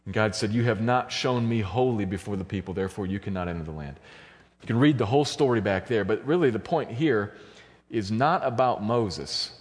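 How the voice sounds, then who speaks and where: A man preaching a sermon, walking through a passage and building to fervent, high-pitched emphasis. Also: lively intonation, fairly quick. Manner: builds to loud, high-pitched fervor at climaxes. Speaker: pastor. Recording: long church hall reverb.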